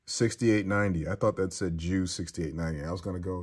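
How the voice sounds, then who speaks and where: Deep-voiced crude joking man. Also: steady tone, fairly quick, a little mellow, husky. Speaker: host reading viewer comments. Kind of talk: casual livestream chat.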